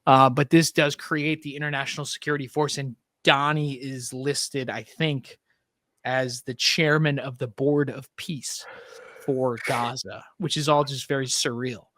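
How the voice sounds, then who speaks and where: Wry podcast host, dry close sound. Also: male voice, mid-range voice, fairly even intonation, measured pace, a bit bright, no echo. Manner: loose, filler-heavy, wry. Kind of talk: casual political chat.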